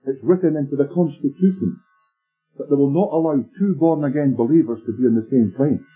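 A man preaching a sermon, telling stories in a measured, emphatic way. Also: mid-range voice, husky. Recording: tinny lo-fi sermon tape with faint music.

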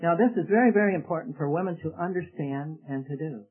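Husky man preaching on an old tape. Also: a little high, fast talker, phone-quality sound. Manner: earnest, explanatory, with rhetorical questions. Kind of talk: sermon.

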